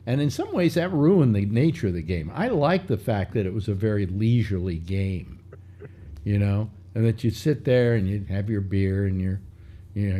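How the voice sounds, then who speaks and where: A man's voice: lowish voice, warm tone. An older man hosting a casual chat show, rambling through a story with many restarts and fillers. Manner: meandering, restarts, mock voices in anecdotes. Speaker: show host.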